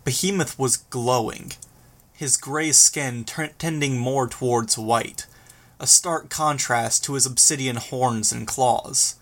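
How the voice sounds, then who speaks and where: A man reading a novel aloud as narrator, with steady, measured delivery. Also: mid-range voice. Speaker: audiobook narrator. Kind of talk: scripted narration.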